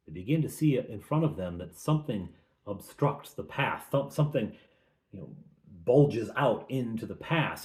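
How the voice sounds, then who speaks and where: A man's voice: lowish voice, a little mellow, echoey room. A man recapping a tabletop game as game master, in a casual, chatty way with asides.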